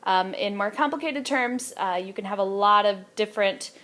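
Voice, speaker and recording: A woman's voice: mid-range voice, moderate pace, a bit bright. Casual young woman teaching a lesson. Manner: casual, many fillers, speaks to students directly. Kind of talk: recorded classroom lecture.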